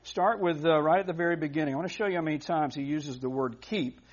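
A man's voice: a little high, quick pace. A man preaching a sermon as pastor, earnest and emphatic, often restarting phrases. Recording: dull lo-fi recording.

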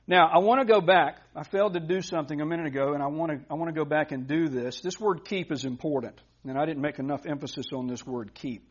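A man's voice: on the high side, quick pace, few pauses, slightly rough. A man preaching a sermon as pastor, earnest and emphatic, often restarting phrases. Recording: dull lo-fi recording.

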